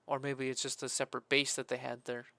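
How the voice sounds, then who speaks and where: A man talking casually while he builds a game map, rambling with many fillers and breaking into loud, sweary frustration. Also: mid-range voice, flat delivery, quick pace, no room sound. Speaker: modding streamer.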